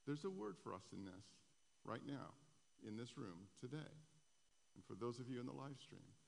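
A man's voice: medium pitch, animated, moderate pace, gravelly. A male pastor preaching a sermon to a room and a live stream, raising his voice for quoted scripture. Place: church sanctuary. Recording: echoey hall, long reverb.

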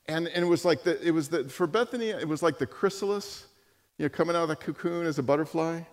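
A man preaching a sermon and telling stories, animated and full of restarts and repeated words. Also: on the high side, fast. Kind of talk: sermon with storytelling. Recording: long hall reverb.

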